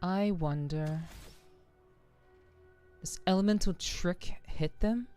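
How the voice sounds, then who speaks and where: A woman's voice: fairly low pitch, slow pace, dark tone, clean tone, soft background music. A woman streaming a game with a slightly sore, scratchy throat, chatting casually and greeting viewers over and over. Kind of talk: casual live-stream chat.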